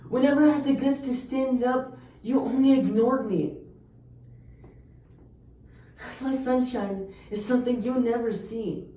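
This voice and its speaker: A woman's voice: a little high, warm tone. A young woman reciting poems earnestly, with emphatic delivery. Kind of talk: poetry recitation. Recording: echoey, distant, muffled room recording.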